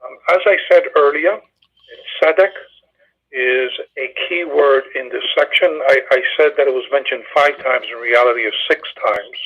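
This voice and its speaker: A man leading a Bible study, patiently and methodically explaining Hebrew grammar with frequent filler pauses. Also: mid-range voice, husky. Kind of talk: Hebrew grammar lesson over a phone call. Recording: tinny phone line.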